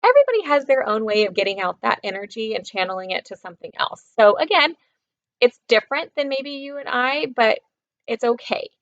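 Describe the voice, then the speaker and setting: Gentle woman teaching kids, slightly gravelly. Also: on the high side, sing-song, fairly quick, no room sound, muffled recording. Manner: gentle, patient, keeps checking in with "okay?". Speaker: teacher making videos for children. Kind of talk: talking to kids in a lesson video.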